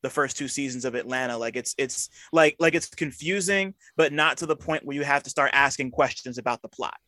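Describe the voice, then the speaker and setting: A man's voice: medium pitch, brisk, sharp tone, dry recording. A man chatting casually as a podcast panelist, hesitant, with many fillers while he builds a point. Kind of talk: casual chat.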